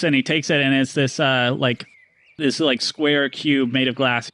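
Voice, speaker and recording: A man narrating as game master in a tabletop game, fast and casual, with many fillers. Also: medium pitch, fairly even intonation, pushed and bright, no echo.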